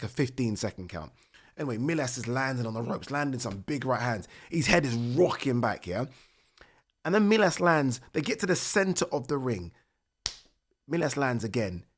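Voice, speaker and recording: A man hosting a boxing podcast, talking casually and getting indignant, sometimes near-shouting in outrage. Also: mid-range voice. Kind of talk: casual solo commentary.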